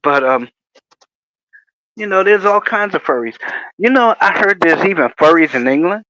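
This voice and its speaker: A man's voice: sits high, expressive, normal speed, pushed and bright, no room sound. A man hosting a casual livestream, rambling through jokey stories with chuckles. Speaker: livestream host. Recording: dry, muffled lo-fi audio.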